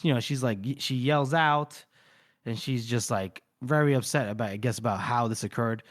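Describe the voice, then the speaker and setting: A man's voice: mid-range voice, moderate pace. A man co-hosting a podcast, retelling the plot of a novel in a casual, loose conversational way. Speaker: podcast co-host. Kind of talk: casual book discussion.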